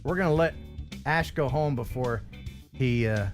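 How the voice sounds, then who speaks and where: A man hosting a casual livestream chat with a neutral American broadcast accent. He jokes and talks in an animated way. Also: a little slow, soft background music. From Philadelphia area, US. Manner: joking, animated, jumps in pitch when excited. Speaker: host.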